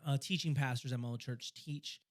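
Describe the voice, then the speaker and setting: A young male podcast co-host tells a story during a laid-back chat, speaking quickly and excitedly while tripping over and repeating words. His voice sits in the mid range.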